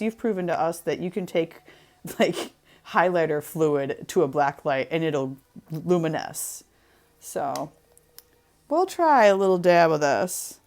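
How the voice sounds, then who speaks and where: A woman's voice: fairly low pitch, darkish tone. A young woman hosting a craft show, chatty and giggly as she demonstrates a printing project. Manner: giggly, chatty, self-deprecating.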